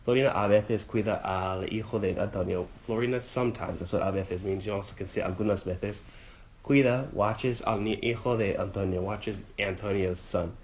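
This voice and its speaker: A man with a fairly low voice talks through a review lesson, pausing with fillers and translating phrase by phrase. The recording carries a faint background hiss. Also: fairly even intonation, highs cut off. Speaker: Spanish teacher or tutor. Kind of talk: casual exam-review walkthrough.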